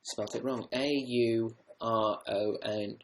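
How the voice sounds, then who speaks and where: A young man from the north of England, his accent softened, rambling casually and swearing now and then as he reads viewer comments on his livestream. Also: medium pitch, steady tone, slow pace, a little hiss or hum. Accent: northern English, softened. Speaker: livestream host.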